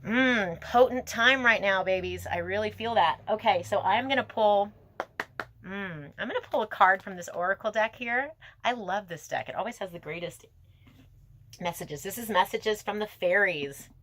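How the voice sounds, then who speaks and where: A woman giving a tarot reading to her viewers, talking in a gentle, emotive, spiritual way that wanders from thought to thought. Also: medium pitch, normal speed, a little hiss or hum. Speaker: tarot reader.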